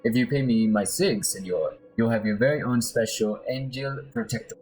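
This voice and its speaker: A man voicing a smooth-talking male mercenary bodyguard in a put-on Spanish accent, sly and persuasive, while playing a game. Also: mid-range voice, moderate pace, a little mellow, soft background music, lightly acted, rough recording. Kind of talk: let's play voice acting.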